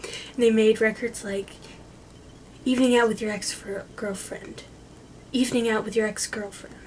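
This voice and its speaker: A woman giving a joking dramatic reading, casual and giggly, swearing freely and often dropping to a soft whisper. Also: a little high, steady tone, moderate pace, a little hiss or hum, rough recording. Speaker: amateur video maker.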